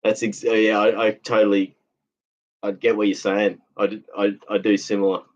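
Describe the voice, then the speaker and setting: A man's voice: fairly low pitch, little pitch movement. Tired man rambling on a livestream. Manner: rambling, halting, lots of fillers and restarts, laughs often. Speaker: livestream host reading chat comments. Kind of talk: casual livestream chat. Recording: dull lo-fi sound.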